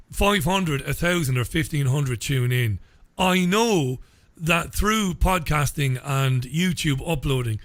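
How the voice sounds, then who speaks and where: This radio host, from England but speaking with an Irish accent, gushes through a live interview and frequently repeats words when starting a sentence. His voice leans high with a fairly bright tone, in a dry recording.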